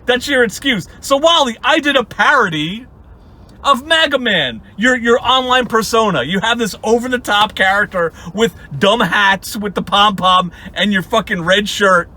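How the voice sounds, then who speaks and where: A man's voice: high-pitched, normal speed, sharp tone. A man hosting a casual commentary vlog, mocking someone with frequent laughs and silly impressions. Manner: mocking, laughs often, mimics others in goofy voices. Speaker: YouTube commentary host.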